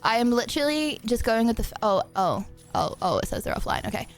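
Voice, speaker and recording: A young English woman streaming a game, chatting bubbly and fast with lots of fillers and giggles. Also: fairly high pitch, sing-song, soft background music. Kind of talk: casual live-stream chatter.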